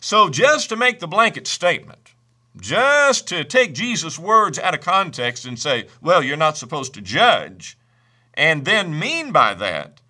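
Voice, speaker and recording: A man preaching a sermon, emphatic, slowing down to stress each scripture quote he reads. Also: a little high, sing-song, pushed and bright. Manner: reads scripture in old-fashioned wording.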